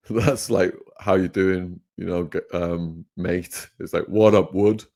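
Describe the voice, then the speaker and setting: Lively English man telling prison stories. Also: sits low, takes it slowly, creaky. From England. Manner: animated, laughing storyteller. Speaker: guest. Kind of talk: storytelling interview.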